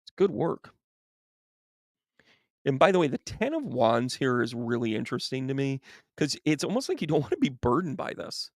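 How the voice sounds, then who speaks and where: A man with a gravelly voice giving a tarot reading on a live stream. He chats with viewers by name in an animated, chummy way and laughs often. The sound is dry and close. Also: medium pitch, normal speed, pauses often, no room sound. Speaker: psychic medium reading tarot.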